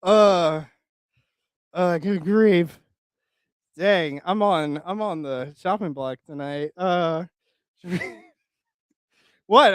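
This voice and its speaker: A man's voice: high-pitched, very slow, pauses often, clear, resonant tone, dry recording. A man hosting his channel in casual chat, rambling and joking with frequent laughs. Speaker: channel host.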